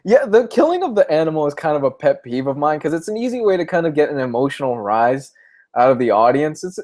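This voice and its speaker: A young man with a fairly high, slightly mellow voice vlogs about comic books in a casual livestream chat. His talk is open and heartfelt, and he tears up now and then.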